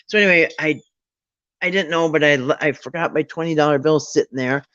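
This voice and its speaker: Fairly quick and a bit bright, a slightly high male voice with no echo carries a middle-aged storyteller's rambling personal tale on a late-night chat. He keeps restarting and quoting his own thoughts, heard through dull, dry lo-fi audio.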